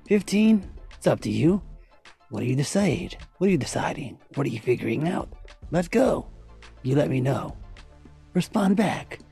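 A man's voice: on the high side, big pitch swings, moderate pace, creaky, long pauses, mellow, husky, soft background music. A man from Puerto Rico, a voice actor and podcaster, leaving a laid-back, profane voice message. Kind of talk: casual voice message.

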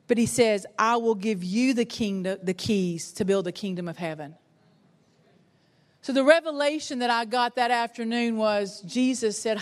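A middle-aged woman, preaching a sermon and telling a personal story with animated, self-mocking humor. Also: a little high, normal speed, in a large hall. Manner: animated storytelling, laughs at herself. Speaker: pastor's wife and preacher.

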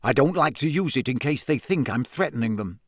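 A man voicing a jovial but nervous middle-aged male wizard official who talks in a hushed, hesitant, confiding way. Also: mid-range voice, lively intonation, fairly quick, no room sound, studio quality, natural voice.

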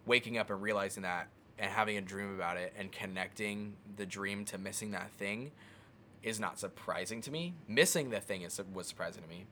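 A man who is a guest in a casual chat, speaking in a thoughtful, encouraging way with halting restarts. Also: fairly low pitch, pushed and bright, slight background noise.

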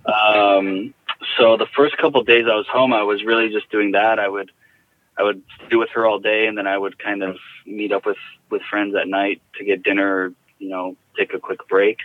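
A man recounting a personal story in a halting, reflective way, heard over a tinny phone line. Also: on the low side, little pitch movement. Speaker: guest.

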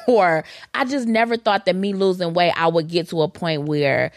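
Woman podcast co-host, a bit low-pitched, dry close studio sound, animated storyteller. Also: normal speed, hardly any pauses, no room sound. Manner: animated, laughs along, storytelling. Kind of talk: casual chat.

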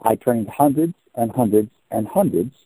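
An older man hosts the conversation in a deep-toned, mellow, husky voice. He talks in a long-winded, folksy way and explains things patiently. The sound is dry and close. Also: expressive, normal speed, no room sound, low-quality recording. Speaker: podcast host. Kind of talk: conversational interview.

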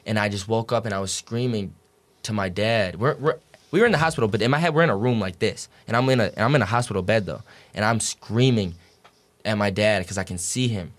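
Brief: young adult male guest, lowish voice, loose and profane storytelling full of filler words. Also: brisk, a bit bright. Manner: profane, rambling, full of "like" and "dude". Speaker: podcast guest. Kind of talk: casual storytelling in an interview.

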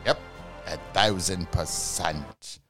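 A man's voice: low voice, slow pace, faint music behind. A man co-hosting a podcast in casual chat, talking loosely and swearing now and then. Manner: loose, swearing, lively delivery. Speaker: podcast co-host.

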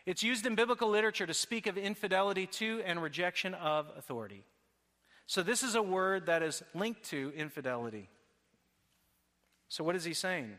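A man's voice: sits high, expressive, a little fast, pushed and bright. A man preaching a sermon earnestly, often restarting his phrases. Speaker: pastor. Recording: long hall reverb.

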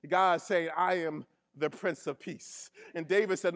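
High-voiced man preaching with emphatic repetition. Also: steady tone, moderate pace, fairly bright tone. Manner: emphatic, repeats key phrases, call-and-response with the congregation; casual colloquial grammar. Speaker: pastor. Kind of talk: sermon.

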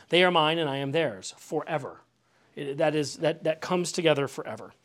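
A middle-aged man preaching a teaching sermon in a conversational way, often repeating words and putting questions to his listeners. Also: on the high side. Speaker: pastor. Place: house.

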